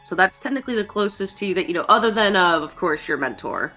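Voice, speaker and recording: Game master, woman, lowish voice, bright and forceful, chatty narration. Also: animated, fast talker, soft background music. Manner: chatty, many "um"s and "like"s.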